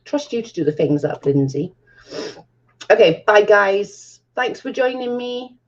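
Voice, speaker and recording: A woman's voice: mid-range voice, lively intonation, a little slow. A woman hosting a casual live stream, chatting with viewers and laughing often. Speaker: livestream host. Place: at home, camera off. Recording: dull lo-fi stream audio.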